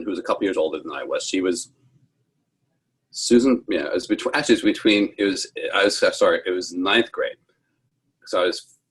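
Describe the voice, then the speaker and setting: A man's voice: low-pitched, husky. A man in his sixties from New York, telling a personal story over a video call in a rambling, self-correcting way, acting out the voices he quotes. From New York, United States. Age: 60s. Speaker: interviewee. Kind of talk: casual storytelling.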